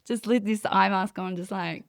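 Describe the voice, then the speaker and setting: A woman guest on a conversational podcast, telling a personal story in an animated way and acting out her own quoted thoughts. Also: mid-range voice, normal speed, vocal fry, clear, resonant tone, no room sound, clean studio sound. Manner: many fillers and restarts. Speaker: guest, psychic medium. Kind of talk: casual interview storytelling.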